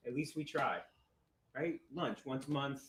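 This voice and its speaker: A man playing an insistent divorced father who is quick to anger, in acted drama dialogue. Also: mid-range voice, fairly bright tone, close to an everyday voice. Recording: roomy with faint noise.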